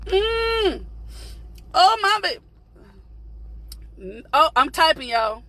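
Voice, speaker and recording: A preacher delivering a mock sermon, shouting in a rhythmic, repetitive cadence and breaking into whooping cries. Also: very high voice, big pitch swings, very slow, pauses often, dry recording.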